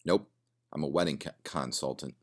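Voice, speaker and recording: A man's voice: a bass voice, normal speed. A man voicing a cynical, sardonic man drinking in a bar, swearing and rambling.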